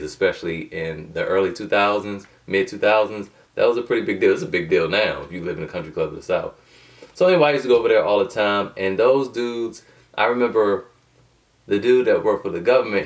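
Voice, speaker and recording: Low-voiced man rambling from a distance. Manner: rambling, digressive, loose slangy talk with many restarts. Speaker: motivational video host. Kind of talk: casual talking-to-camera monologue.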